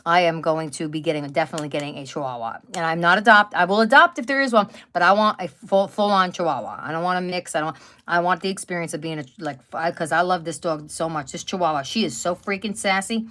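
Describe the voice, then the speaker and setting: A woman's voice: lowish voice, quick pace, a bit bright. A woman in her fifties chatting casually on a live stream, telling rambling stories full of fillers and restarts. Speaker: craft channel host. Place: at home by a wood stove.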